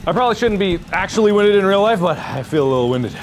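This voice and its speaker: A man in his thirties, a gaming YouTuber doing let's play commentary, animated and yelping as he plays in VR, winded from moving. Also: sits high, fast, a little hiss or hum. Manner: animated, yelps and jokes while playing VR.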